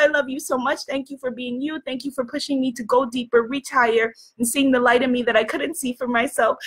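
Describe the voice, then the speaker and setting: A woman's voice: high-pitched, pushed and bright. A woman spiritual coach hosting a motivational video, reading out messages and cheering with effusive repeated praise.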